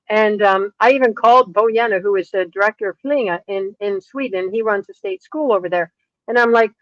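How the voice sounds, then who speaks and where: A woman's voice: on the high side, fairly quick, dry recording. A middle-aged woman horse trainer and author, telling stories in an interview and acting out the people in them. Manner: lively storyteller acting out quoted dialogue. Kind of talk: interview storytelling. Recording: dull, dry lo-fi sound.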